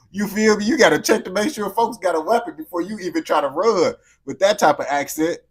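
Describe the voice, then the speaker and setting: A man's voice: high-pitched, a little fast, hardly any pauses, husky. A young man from the United States giving slangy, incredulous reaction commentary on a video.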